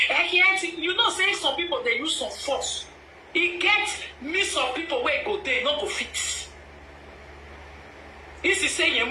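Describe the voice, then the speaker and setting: Animated Nigerian woman in an echoey room. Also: high voice, normal speed. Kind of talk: casual pidgin commentary. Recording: echoey room, from a distance, faint noise.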